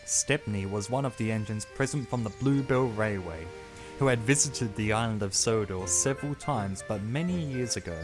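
A man reading a children's story aloud as narrator, in a steady, expressive voice. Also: on the low side, moderate pace. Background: background music.

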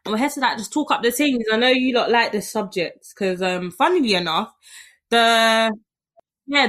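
A woman's voice: medium pitch, fairly bright tone. A young woman hosting a casual podcast chat, bubbly and teasing. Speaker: podcast host.

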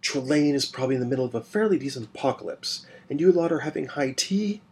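A man voicing an urgent, sardonic male servant who speaks in a hoarse whisper. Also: medium pitch, animated, fast talker, a little mellow, pitched above the performer's own voice, lightly acted.

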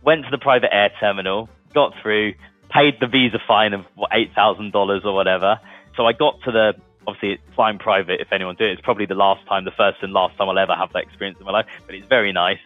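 A man's voice: fairly low pitch, steady tone, fast talker, dry recording, soft background music. A man telling his story casually in an interview, chatty and laughing as he goes. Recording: tinny phone-like sound.

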